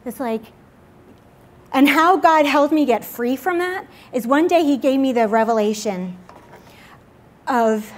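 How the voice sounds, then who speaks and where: A woman's voice: high voice, lively intonation, a little slow, long pauses. A young woman giving an earnest personal testimony at a church service, talking in a confessional way with lots of filler words. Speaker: speaker at a church midweek service.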